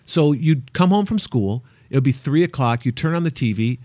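A man's voice: medium pitch, moderate pace, no room sound. A man hosting a podcast in casual interview chat, laughing easily and joking. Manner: laughs easily, jokey and relaxed. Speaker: podcast host.

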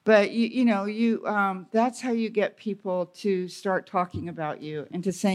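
A woman guest on a live retreat stage, talking in a chatty, wry way with quick asides. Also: mid-range voice, fairly even intonation. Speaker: guest writer. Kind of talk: casual conversation.

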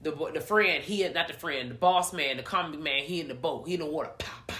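Woman, casual movie recap, animated and profane, bright forceful voice, lowish pitch. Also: fast talker.

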